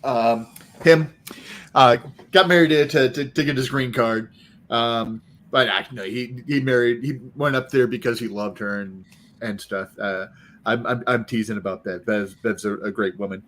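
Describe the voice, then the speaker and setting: A man's voice: mid-range voice, moderate pace, fairly bright tone. A man telling a rambling, teasing story in a casual group chat with friends. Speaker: co-host.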